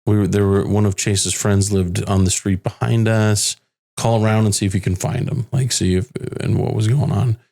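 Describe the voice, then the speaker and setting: A man with a deep, gravelly voice tells a painful family story on a podcast. He talks haltingly, circling back and restarting sentences, and quotes what others said to him. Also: steady tone, dark tone. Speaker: bereaved father, podcast guest. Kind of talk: emotional personal storytelling. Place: home in the Phoenix area.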